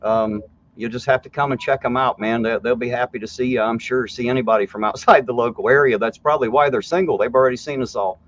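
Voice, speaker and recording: A man's voice: mid-range voice, steady tone, fast, fairly bright tone. Host, male, mild southern Ohio drawl, blunt joker, lo-fi sound. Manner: blunt, joking, laughs often. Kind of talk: casual live-stream chat.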